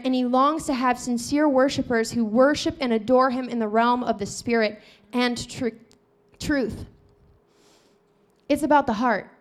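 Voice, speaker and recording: A woman preaching a sermon, retelling scripture and acting out the dialogue with lively shifts of voice. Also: high voice.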